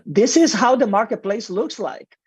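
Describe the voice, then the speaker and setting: A man's voice: high-pitched, animated, normal speed, slightly rough, dry recording. Man with a heavy non-native accent. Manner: earnest, explanatory, with frequent "uh" fillers. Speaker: marketing executive guest. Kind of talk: radio interview answers.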